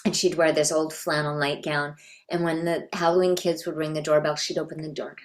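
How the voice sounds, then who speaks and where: A middle-aged woman from Canada shares memories as a guest in an interview, speaking in a fairly low voice. She talks in a thoughtful, reflective way. She unhurriedly builds her stories step by step. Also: level tone, fairly quick. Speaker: voice actress guest. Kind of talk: reminiscing interview.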